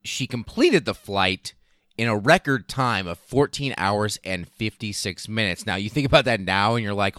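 A man hosting a podcast, telling history casually, swearing for emphasis and speeding up and slowing down. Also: lowish voice, lively intonation, pushed and bright, dry recording, studio quality. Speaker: podcast host.

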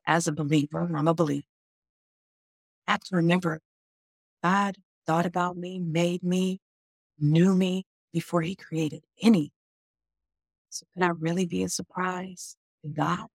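Woman, podcast doctor, monotone delivery, dry recording, casual explanations. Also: deep voice, no echo. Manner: conversational, often says "like", voices inner questions. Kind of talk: podcast talk explaining grief.

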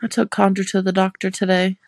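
Mom on a podcast, kinda low gravelly voice, dry mic, deadpan and swears casually. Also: female voice, fast, dry recording. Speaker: podcast co-host. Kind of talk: casual chat.

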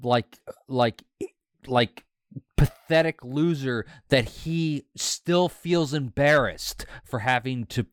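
A man's voice: medium pitch, slow pace, smooth, no room sound, clean studio sound. A man co-hosting a podcast in casual chat, telling stories with lots of fillers and swearing. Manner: swearing, chatty storytelling with many fillers. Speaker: podcast co-host.

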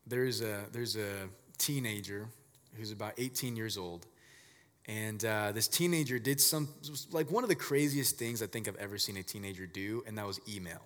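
Pastor, male, low voice, laid-back and chatty delivery, lots of fillers, big reverberant hall. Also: moderate pace. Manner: relaxed, filler-heavy storytelling. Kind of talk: casual conversational sermon.

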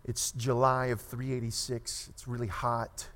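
A man preaching a sermon, telling a story with animated delivery and asking his listeners questions. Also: mid-range voice, unhurried. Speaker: pastor. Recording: long hall reverb.

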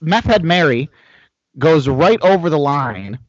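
A man's voice: fairly high pitch, animated, a little slow, dry recording, lo-fi sound. A man co-hosting a casual chat, telling a profane story and acting out the quotes. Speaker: podcast co-host.

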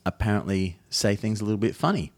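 A man's voice: lowish voice, fast, no echo. A man co-hosting a podcast in casual chat, full of ums and restarts. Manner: hesitant, many ums and restarts, animated. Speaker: podcast co-host.

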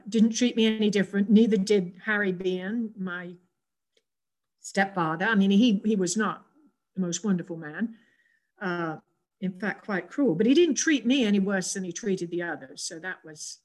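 An older English woman speaking as an interview guest, in a voice of ordinary pitch. She tells her memories gently and reflectively. Her talk is full of small pauses, fillers and restarts. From England. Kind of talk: reflective personal storytelling.

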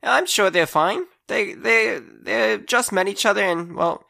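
Cocky rabbit-folk hero, played by a man; bright, gravelly, bouncy pitch. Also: exaggerated voice. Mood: confident. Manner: confident, boastful, slightly halting. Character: cocky young rabbit-folk adventurer, loyal. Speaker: tabletop player.

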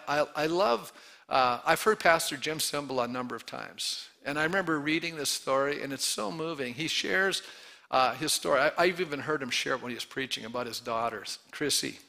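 Middle-aged pastor guy preaching, kinda gravelly, goes from loud to hushed storytelling. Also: on the high side, fairly quick. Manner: rises to loud emphatic calls and drops to hushed storytelling; asks the congregation questions. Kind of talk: sermon.

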